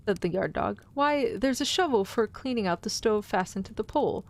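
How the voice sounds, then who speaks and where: A woman streamer reads a classic tale aloud, with casual, playful asides to her chat. Her voice sits at an everyday middle pitch. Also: expressive, moderate pace, hardly any pauses. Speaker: vtuber host reading a story.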